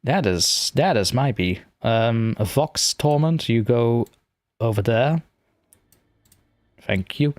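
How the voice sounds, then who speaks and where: A man chatting casually on a live stream, rambling and poking fun at himself as he fumbles with his software. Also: medium pitch, lively intonation, slow, long pauses, dry recording, clean studio sound. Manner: rambling, self-mocking, talks to himself while fiddling with software.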